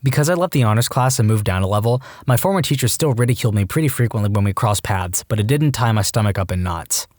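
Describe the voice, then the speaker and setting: A man narrating reddit stories aloud, reading in a brisk, even voice. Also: lowish voice. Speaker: story narrator.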